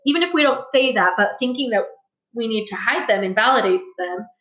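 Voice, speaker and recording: A woman's voice: a little high, lively intonation, fairly quick, a bit bright. Young woman chatting on a podcast, earnest and reflective, echoey room, kinda dull sound. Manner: earnest, open storytelling with a reflective tone. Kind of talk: casual conversational podcast chat. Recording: roomy, slightly dull sound.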